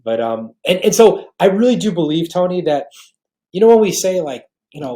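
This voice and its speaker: A man's voice: high-pitched, very animated, moderate pace, dark tone. A man in his forties from New York, a podcast guest, telling an emotional faith story with many restarts. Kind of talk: earnest faith testimony.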